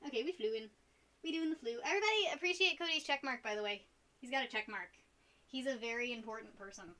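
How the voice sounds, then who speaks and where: A woman's voice: fairly high pitch, pushed and bright. A young woman chatting casually on a live stream while she paints, rambling and giggling between topics. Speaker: art streamer.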